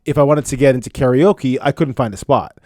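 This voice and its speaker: This is a middle-aged man in casual podcast talk, rambling through his points with plenty of restarts and fillers. His voice sits at an ordinary pitch and comes across close and dry, with no room around it. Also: brisk, darkish tone, dry recording. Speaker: podcast co-host. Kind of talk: casual chat.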